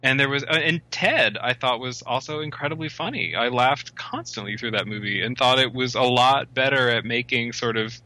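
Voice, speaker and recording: A man's voice: mid-range voice, normal speed, few pauses, bright, forceful tone, poor audio. A man co-hosting a casual film podcast, wry and enthusiastic, joking at his own expense. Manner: wry, enthusiastic, self-mocking. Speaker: podcast co-host.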